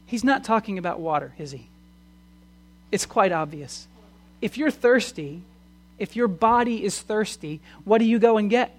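A preacher giving a sermon, asking the listeners questions and moving between loud proclamation and quiet, conversational asides. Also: medium pitch, measured pace. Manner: asks the audience many questions.

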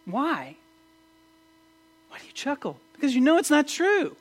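A man preaching a sermon as pastor, animated and asking his listeners questions, with frequent restarts. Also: very high-pitched, a little slow. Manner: animated, asks the audience questions, many restarts.

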